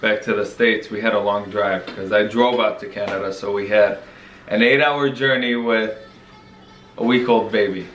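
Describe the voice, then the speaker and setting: A man's voice: on the low side, fairly even intonation, moderate pace, fairly bright tone, muffled recording. A young man talking earnestly about being a husband and father, often repeating his first words. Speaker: co-host, husband. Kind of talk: casual chat. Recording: echoey room with faint noise.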